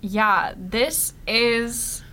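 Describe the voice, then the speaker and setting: A woman's voice: on the high side, steady tone, extremely slow, bright, forceful tone. A woman co-hosting a podcast in casual chat, giggly and rambling with many restarts. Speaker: podcast co-host.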